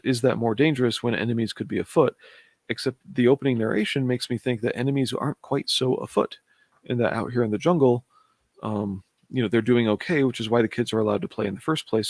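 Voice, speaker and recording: A man with a gravelly, mid-pitched voice talks his way through a comic book, thinking aloud. He is chatty and hums and chuckles to himself as he goes. The sound is close and dry, with no room echo. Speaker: comic reviewer streaming.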